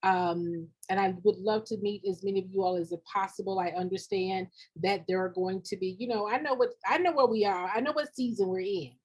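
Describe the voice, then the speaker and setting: A middle-aged grant consultant for nonprofits talks briskly with few pauses in a husky, medium-pitched voice of fairly even intonation. In her live-streamed motivational talk she's direct and preachy, repeats for emphasis, and says y'all and ain't.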